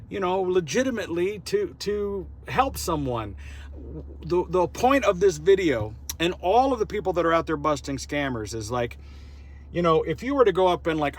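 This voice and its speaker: A man's voice: on the high side, slight background noise. Rambling man, outdoor phone vlog. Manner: rambling, repeats words, retells dialogue. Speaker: vlogger. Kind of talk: casual vlog recap.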